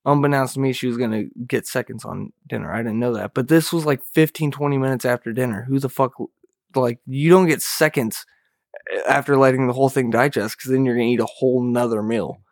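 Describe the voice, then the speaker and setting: A young man in casual chat, swearing and telling a story with lively, raised mimicry of others. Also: mid-range voice, fairly quick, no echo, clean studio sound. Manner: profane, animated, mimics people in a raised voice. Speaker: podcast co-host.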